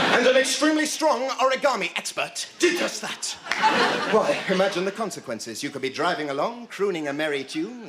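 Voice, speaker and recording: A man's voice: high-pitched, very animated, measured pace, a little hiss or hum. A British man doing a zany, rambling stand-up routine on a live TV stage. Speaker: stand-up comedian. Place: TV studio with audience. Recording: echoey live studio, loud audience.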